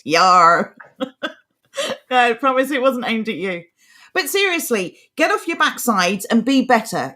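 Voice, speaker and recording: A woman's voice: a little high, a bit bright. A woman co-hosting a live political talk show, speaking with an impassioned, ranting delivery. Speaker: co-host.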